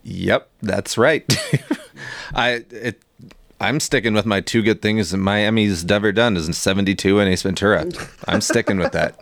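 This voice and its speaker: A man's voice: fairly low pitch, moderate pace, vocal fry, fairly bright tone, no echo. A man co-hosting a sports podcast, joking and swearing in casual banter. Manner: profane, joking, laughs often. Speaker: podcast co-host.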